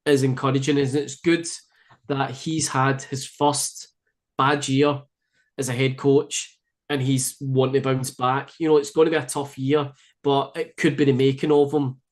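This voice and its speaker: A man's voice: medium pitch, flat delivery, a little slow. A man from Scotland with a Glasgow-area accent, chatting easily as a podcast guest with many fillers and restarts. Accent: Scottish, Glasgow area. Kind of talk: casual chat.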